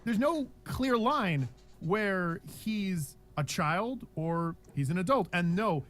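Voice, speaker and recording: A man's voice: high voice, expressive, slow, a bit bright. A young man in casual, profane conversation, ranting animatedly about a show and often restarting his sentences.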